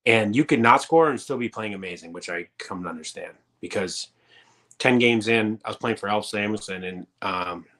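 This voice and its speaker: A man's voice: lowish voice, normal speed, fairly bright tone. A man in his thirties, a former pro hockey player, telling rambling, profane stories in a casual interview. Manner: rambling and profane, many fillers.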